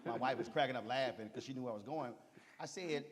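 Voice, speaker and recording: A man on a discussion panel telling a long, animated story and acting out both sides of a conversation. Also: medium pitch, fast, a little hiss or hum. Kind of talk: casual storytelling. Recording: reverberant hall.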